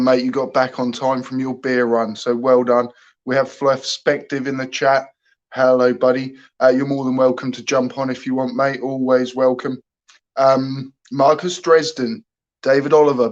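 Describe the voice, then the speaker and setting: Slow-talking upbeat male stream host. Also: mid-range voice, dull audio. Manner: upbeat, laughs often, greets viewers by name. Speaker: host of a live stream chat. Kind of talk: casual live stream chat. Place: home room with curtains closed.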